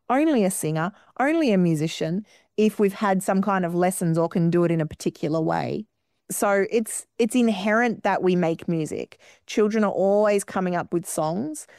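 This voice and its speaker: A woman guest in an interview, explaining her ideas in long, flowing, expressive sentences. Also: medium pitch, dry recording, clean studio sound. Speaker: guest musician. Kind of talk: radio interview.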